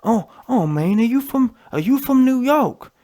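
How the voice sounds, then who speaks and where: Man mocking a gushing male interviewer: moaning and fawning, pitched up high. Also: lively intonation, unhurried, dark tone, exaggerated voice.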